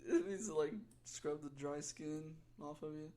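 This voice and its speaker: A man's voice: on the high side, moderate pace, dark tone. A young man from the eastern United States co-hosting a podcast, giggling and echoing his co-host's jokes. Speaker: podcast co-host. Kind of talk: casual joking chat.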